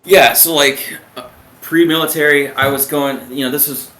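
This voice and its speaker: Here a young submariner in his twenties, slightly high-voiced and sharp in tone, chats as an interview guest at a normal speed with steady intonation. His conversational storytelling rambles, packed with fillers and false starts, in a recording with roomy echo and faint background noise.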